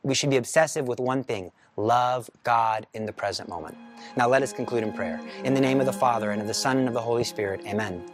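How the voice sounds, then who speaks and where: A man's voice: mid-range voice, fast talker, music in the background. A man giving a spiritual teaching talk, speaking in a firm, emphatic prayer cadence. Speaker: Catholic teacher.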